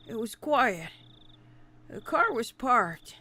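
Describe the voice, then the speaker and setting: A woman streamer reading a visual novel aloud and chatting with viewers. She swears freely, laughs a lot, and rants excitedly. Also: sits high, unhurried. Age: adult.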